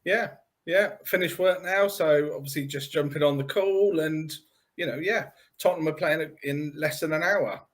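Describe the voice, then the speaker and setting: A man calling in as a guest on a fan show, relaxed and hesitant, often restarting his sentences. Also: fairly high pitch, normal speed. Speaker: guest caller. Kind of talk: casual chat.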